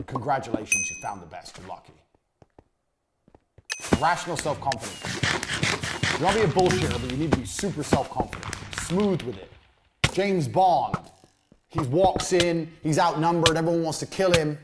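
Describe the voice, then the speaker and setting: A man's voice: on the high side, expressive, normal speed, long pauses. A man teaching a recorded business course in a blunt, emphatic way, swearing freely. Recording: loud background noise.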